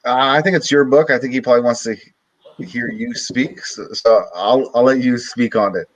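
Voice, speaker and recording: A man's voice: mid-range voice, normal speed, rough recording. A man from Canada hosting a casual podcast interview, speaking loosely and conversationally with lots of "you know" and "like". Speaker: podcast host.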